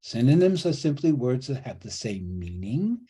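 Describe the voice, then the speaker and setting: A man leads an online college writing class by video call, his mid-range voice dark and breathy and very animated at a moderate pace. He patiently goes through grammar, restating key ideas, and his audio comes from a computer mic.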